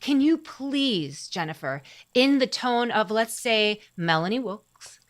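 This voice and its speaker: A woman's voice: on the high side, animated, slow pace. A woman co-hosting a casual history podcast, blunt and outspoken, and she swears freely. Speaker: podcast co-host.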